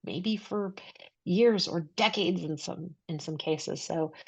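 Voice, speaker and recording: Woman, low-pitched, gravelly, casual podcast co-host, rambling, dull dry recording. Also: a little mellow, no room sound. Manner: rambling, many fillers and restarts, quick bursts. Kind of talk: casual chat. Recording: dry, slightly dull lo-fi mic.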